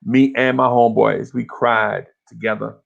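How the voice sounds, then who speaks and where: A man, co-hosting a podcast and telling an animated story in casual chat. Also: medium pitch, moderate pace, gravelly, lo-fi sound. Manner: animated storyteller, acts out voices, laughs along. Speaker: podcast co-host.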